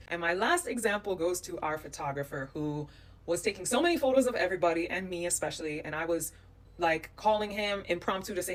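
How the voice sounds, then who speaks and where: A woman from the United States telling stories to camera, animated and emphatic. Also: lowish voice, brisk, recorded from a distance. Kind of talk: storytelling vlog.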